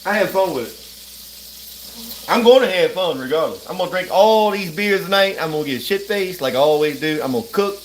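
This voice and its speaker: A man cooks at home and chats loosely on a phone livestream, his high-pitched voice brisk and lively in intonation. There's a little hiss or hum, plus the sizzle of frying food, while he drawls, rambles and laughs often.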